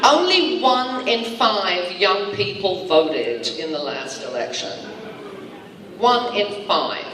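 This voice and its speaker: A woman, a guest actor at a convention panel, speaking bluntly and fiery, quick to joke. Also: medium pitch, very animated, heavy background noise. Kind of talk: casual panel banter. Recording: echoey hall from far off with loud crowd.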